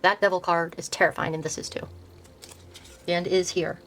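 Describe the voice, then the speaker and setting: An older woman hosting her own video, softly showing tarot decks and reading card names aloud, often trailing off and restarting words. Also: lowish voice, level tone, brisk, low-quality recording. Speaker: host showing her tarot deck collection. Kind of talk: soft-spoken casual deck walkthrough.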